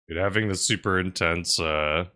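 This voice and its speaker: A man streaming a game, chatting casually and rambling aloud, swinging between loud bursts and mumbled asides. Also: deep voice. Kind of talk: casual live-stream commentary while playing.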